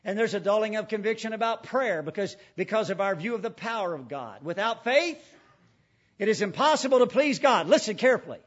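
A man preaching a sermon emphatically, asking repeated rhetorical questions and swinging between loud and hushed delivery. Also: high-pitched, animated, fairly quick, muffled recording.

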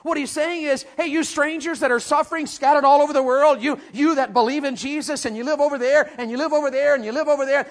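A man with a high-pitched voice preaches a sermon to a young crowd. He sinks to soft, low asides, then climbs to ringing shouts, and he often doubles his words for emphasis. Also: a little fast, few pauses. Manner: swings from hushed to shouting, repeats words.

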